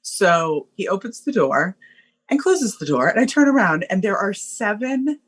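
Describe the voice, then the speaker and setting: A woman guest telling a story in a casual, animated way, laughing often and using lots of fillers. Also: medium pitch, a little slow, husky.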